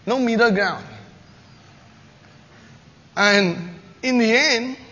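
A man preaches extremely slowly, telling scripture stories and acting out quotes with rising pitch and loudness. The recording is dull and lo-fi, carrying long hall reverb and faint noise.

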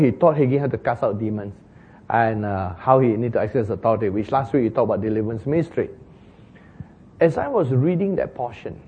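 Husky male pastor preaching, tinny sound. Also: medium pitch. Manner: storytelling, acting out quoted dialogue with sudden loud shouts. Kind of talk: sermon.

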